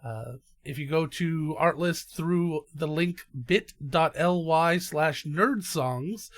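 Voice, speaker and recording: Relaxed man running a tabletop game. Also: fairly high pitch, slow pace, dry recording. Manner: relaxed, filler-heavy narration. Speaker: game master and host. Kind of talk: narrating a tabletop game podcast.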